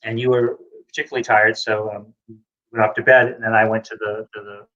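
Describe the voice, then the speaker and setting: A middle-aged man from the United States telling anecdotes in a casual video chat, excitable and acting out voices. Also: fairly low pitch, a little fast. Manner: excitable storyteller, acts out voices. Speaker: comics creator, co-host. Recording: muffled lo-fi audio.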